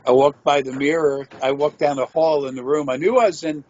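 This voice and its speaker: A man's voice: a little high, steady tone, brisk, a little mellow, muffled recording, a little hiss or hum. A man telling a rambling personal story in a matter-of-fact way, with frequent swearing. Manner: meandering, profane, matter-of-fact. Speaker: interviewee.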